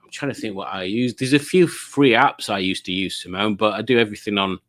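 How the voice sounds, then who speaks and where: A man's voice: lowish voice, brisk, fairly bright tone. Chatty man reading live chat. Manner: rambling, chatty, reads viewer comments aloud. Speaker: livestream host. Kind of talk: casual livestream chat reading comments.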